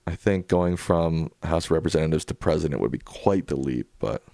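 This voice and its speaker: Guy with a really low voice just hanging out on his stream, chill and chatty, dry close sound. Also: a little fast, gravelly, no echo. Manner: relaxed and chatty, thinking aloud. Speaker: livestream host. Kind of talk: casual livestream chat answering viewers.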